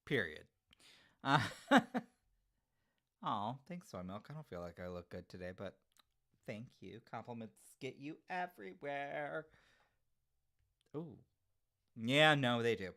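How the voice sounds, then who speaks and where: A man hosting a casual livestream, answering chat comments in an animated, giggly way. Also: on the low side, a little slow, pauses often. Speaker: livestream host reading chat.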